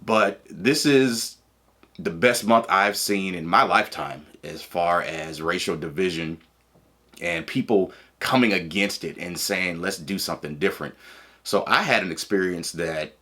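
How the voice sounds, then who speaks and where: A man tells a personal story in a loose, casual way. His voice is fairly low but has a bright, forceful edge. He laughs often and acts out what people said. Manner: animated, laughing and acting out quotes. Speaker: vlogger telling a personal story.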